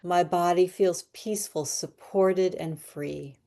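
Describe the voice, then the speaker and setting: A woman guiding an EFT tapping session, slowly speaking affirmations in a soothing way for listeners to repeat. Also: fairly low pitch, mellow. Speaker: tapping and meditation guide.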